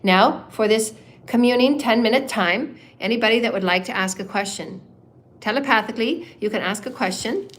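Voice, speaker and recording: A woman leading a live guided meditation as a spiritual healer, giving slow, soothing instructions and breaking into rapid, rhythmic chanted syllables. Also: on the high side, fairly bright tone, slight background noise.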